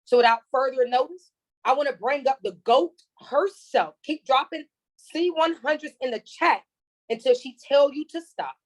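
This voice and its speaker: A woman hosting an online training call, introducing the guest with energetic, repetitive hype and calls to the chat. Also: high voice, normal speed, poor audio. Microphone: video call.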